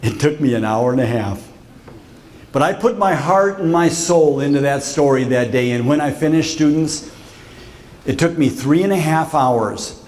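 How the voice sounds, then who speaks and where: A middle-aged man, a visiting author, telling a story to students in a school auditorium with lively drama, acting out voices and laughing often. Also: mid-range voice. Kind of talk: animated storytelling talk.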